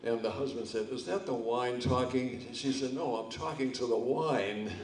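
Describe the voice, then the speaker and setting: An older man telling stand-up jokes at a charity comedy night, with a slow, halting delivery full of restarts. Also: mid-range voice, far from the mic, heavy background noise. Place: hall with a live audience. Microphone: stage microphone, speaking from a distance. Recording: echoey hall, voice off the mic.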